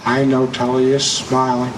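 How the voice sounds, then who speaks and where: A man's voice: medium pitch, monotone. A man solemnly reading a reflective piece aloud at a memorial. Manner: measured, solemn recitation. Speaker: memorial speaker. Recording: distant mic, noisy room.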